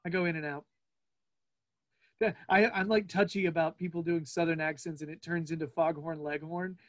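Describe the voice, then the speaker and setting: A man in his forties hosting a casual interview, playful and chatty, with quick asides. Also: fairly high pitch, fairly even intonation. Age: 40s. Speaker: podcast host.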